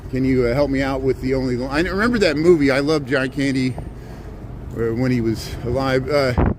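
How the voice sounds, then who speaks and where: A man's voice: medium pitch, brisk. A man casually chatting while walking outdoors on a cold, windy street, rambling and answering viewers as he goes. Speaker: vlogger giving a city walking tour. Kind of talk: casual walking livestream chat.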